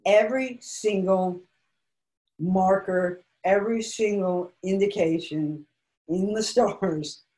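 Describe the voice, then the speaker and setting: A woman's voice: medium pitch, slow pace, warm tone, low-quality recording. A middle-aged woman from Los Angeles, a guest author candidly telling a personal family story in an emotional, reflective way. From Los Angeles, United States.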